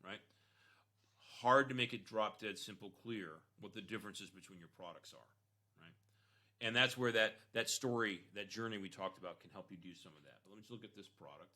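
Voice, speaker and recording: Energetic bright-voiced man reviewing a store. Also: fairly low pitch, normal speed. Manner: conversational, frequent "right?" and "you know"; energetic, punchy emphasis. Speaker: e-commerce store consultant. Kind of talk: casual screen-share store review.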